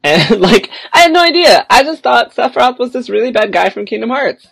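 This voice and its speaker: A podcast co-host in casual roundtable chat, excitable and animated, laughing often as they tell stories. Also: medium pitch, a little fast, vocal fry, dry recording.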